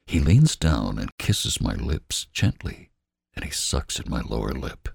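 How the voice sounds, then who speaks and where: Man, audiobook narration, very deep, gravelly, husky, slow, hushed. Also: big pitch swings, no room sound, studio quality. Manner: slow, hushed, often whispering. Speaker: audiobook reader. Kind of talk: scripted narration.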